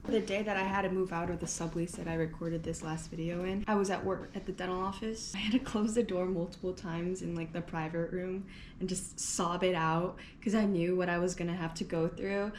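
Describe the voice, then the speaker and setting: A woman's voice: on the low side, steady tone, brisk, a little mellow, a little hiss or hum. A woman in her twenties telling a candid personal story in a vlog from a hotel room, bluntly and with frequent swearing. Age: 20s. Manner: blunt, swears freely, lots of "like". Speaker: vlogger.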